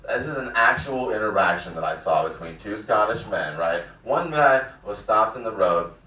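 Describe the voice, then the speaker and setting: A man's voice: fairly low pitch, expressive, moderate pace, pushed and bright. A man in his twenties doing a rambling, self-deprecating stand-up set in a small cafe room. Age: 20s. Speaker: stand-up comedian. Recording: roomy, distant mic.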